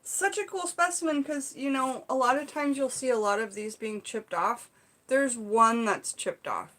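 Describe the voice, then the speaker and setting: A woman's voice: on the high side, normal speed. Gushing chatty woman vlogger. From Seattle area. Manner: chatty, gushing and excitable, with frequent "um" and "like". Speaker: vlogger opening gifts. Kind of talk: casual unboxing chat to viewers.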